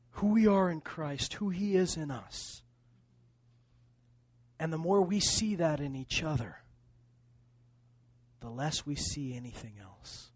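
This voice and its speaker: Male pastor, high voice, dry, dead sound; fervent sermon delivery with dramatic loud-soft swings. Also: no room sound. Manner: preaching with sweeping swings between quiet and loud; repetitive, emphatic phrasing.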